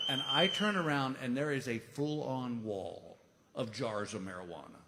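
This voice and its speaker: A man in his fifties doing stand-up storytelling, animated and exasperated as he acts out the people in his story. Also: mid-range voice, moderate pace. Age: 50s. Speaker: stand-up comedian. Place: large comedy venue stage. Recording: live hall reverb with noise.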